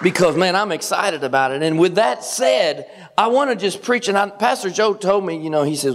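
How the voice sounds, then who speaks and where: A middle-aged man from Kentucky with a Southern accent, preaching as a guest pastor, joking and swinging his pitch up for emphasis. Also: expressive, moderate pace. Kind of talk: sermon. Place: church sanctuary. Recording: long church reverb.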